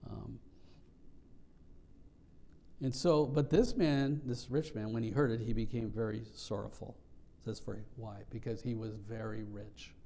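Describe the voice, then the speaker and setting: A man's voice: lowish voice, fairly even intonation, unhurried, creaky, mellow. A man pastor preaching a sermon, earnest and reflective, explaining scripture with frequent restarts.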